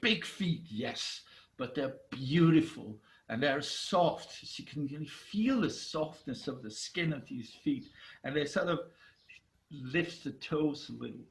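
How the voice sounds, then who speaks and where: A man telling a myth in an animated, dramatic way, with halting restarts, over a video call. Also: fairly high pitch, rough recording. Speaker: storyteller. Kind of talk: myth storytelling.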